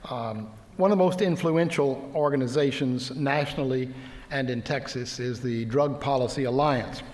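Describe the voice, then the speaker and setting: A man moderating an event, introducing the next speaker in a measured way with small hesitations. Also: mid-range voice, darkish tone. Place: lecture hall. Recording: long reverb of a hall.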